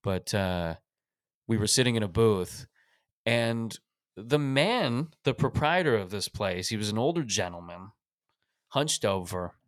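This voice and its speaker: A man's voice: lowish voice, expressive, unhurried, no room sound. A man hosts a podcast. He talks in a loose, joking way, swearing freely, and the sound is dry and close to the mic. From Canada. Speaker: podcast host. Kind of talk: casual podcast chat.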